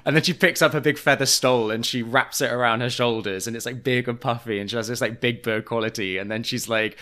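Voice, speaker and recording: A man's voice: mid-range voice, steady tone, fast, few pauses, bright, forceful tone. A man co-hosting a podcast, chatting casually and recounting scenes with amusement. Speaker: podcast co-host. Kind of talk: casual chat.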